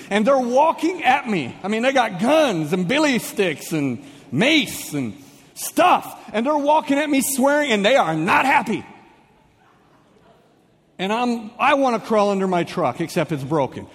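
A young man preaching a sermon as a pastor, telling a comic personal story with lively, animated delivery and shifting pace. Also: sits high, unhurried, breathy edge, long reverb tail. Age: young adult.

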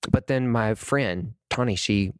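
A podcast host delivers a casual monologue, talking in a heated, rambling way with many restarts. He has a lowish voice and a measured pace, captured in clean studio sound with no echo.

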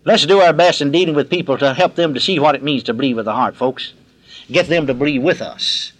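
A man's voice: fairly high pitch, a little fast. An older man preaching a sermon in a folksy, emphatic, plain-spoken way, leading his congregation in call-and-response. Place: large gathering, live recording.

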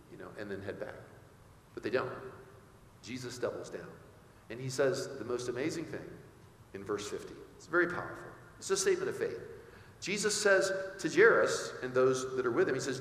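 Animated preacher in an echoey hall. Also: male voice, mid-range voice, a little fast, a little hiss or hum. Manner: animated, rhetorical questions to the congregation. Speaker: pastor. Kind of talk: sermon. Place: church sanctuary. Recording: echoey hall with faint ambience.

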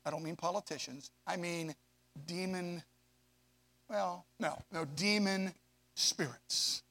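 A man preaching a sermon to young adults, swinging from hushed asides to loud, drawn-out emphasis. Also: high-pitched. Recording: long hall reverb.

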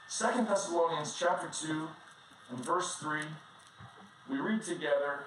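A male pastor with a fairly high voice preaches in a large, strongly echoing church hall, heard from some way off the mic. He talks in a loose, animated, story-driven way, often chuckling through his own anecdotes. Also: unhurried. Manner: conversational, animated, often laughing while telling stories. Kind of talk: sermon with personal storytelling. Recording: very echoey room, distant mic, faint noise.

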